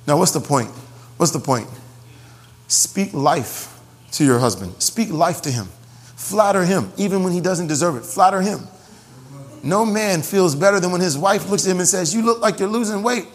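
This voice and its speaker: A man preaching a sermon to his congregation in an animated way, joking and repeating phrases for emphasis. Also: sits high, normal speed. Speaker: pastor. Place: church sanctuary. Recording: long hall reverb.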